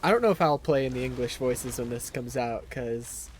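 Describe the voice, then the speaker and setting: A man's voice: medium pitch, moderate pace, a little hiss or hum. A young man streaming a game live, chatting casually, laughing often and swearing freely. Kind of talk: live gameplay commentary.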